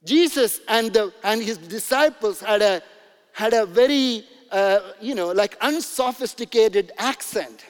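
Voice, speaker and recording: A man's voice: high-pitched, lively intonation, unhurried, long reverb tail. A man preaching a sermon as pastor, in a loose, conversational storytelling manner with many fillers and asides.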